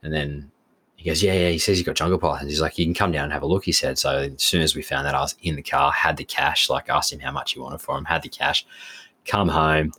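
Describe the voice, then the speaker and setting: A man's voice: rumbling low, quick pace, husky. An Australian man co-hosting a podcast, telling a long story in casual chat with lots of acted-out dialogue. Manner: rambling, animated retelling with quoted dialogue. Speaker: podcast co-host.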